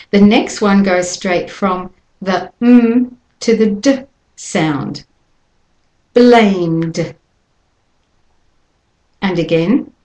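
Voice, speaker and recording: A woman teaching pronunciation in a slow, careful lesson, setting out each word so learners can copy it. Her pitch sits in a middle range. The room adds a noticeable echo. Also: a little mellow. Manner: careful, deliberate, models words slowly for copying. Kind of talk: slow instructional lesson with repeated examples.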